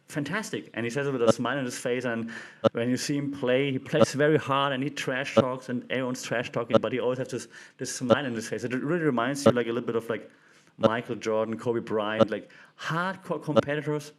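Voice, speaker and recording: Male podcast host, casual solo commentary; animated, chatty delivery with frequent fillers. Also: mid-range voice, quick pace. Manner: animated, lots of "like" fillers and restarts; acts out quotes in playful voices. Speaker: media professional.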